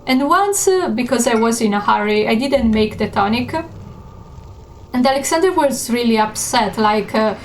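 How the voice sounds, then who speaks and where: A woman streamer giving gaming stream commentary, chatty and unhurried with many fillers. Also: fairly high pitch, expressive, slight background noise. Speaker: game streamer.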